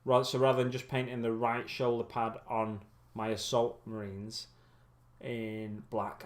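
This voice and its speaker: Delivering things flatly and at a measured pace, a man with an ordinary mid-range voice chats while building miniatures on his hobby stream. He's getting tired, and his musing, rambling talk is full of ums, trailing off, and self-corrections.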